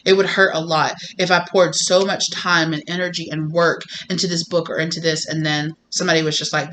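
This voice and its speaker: Bright-voiced chatty woman tarot reader. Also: on the low side, flat delivery, brisk, slight background noise. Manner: chatty, filler-heavy, acts out quoted voices. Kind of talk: casual tarot reading.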